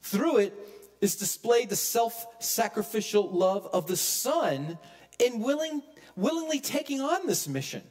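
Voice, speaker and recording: A man preaching a sermon as pastor, emphatic, swinging from loud peaks to hushed low lines. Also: very animated, a little slow. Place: church.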